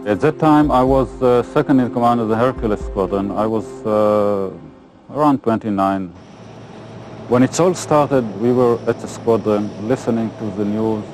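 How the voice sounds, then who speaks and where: Man with hum behind, recalling plainly. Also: mid-range voice. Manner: plain, hesitant with fillers. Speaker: interviewee, former air force pilot. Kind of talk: interview recollection.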